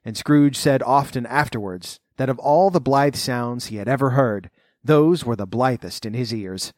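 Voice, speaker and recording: A man narrating a storybook, reading in an expressive, lively way. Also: mid-range voice, normal speed, no echo, studio quality.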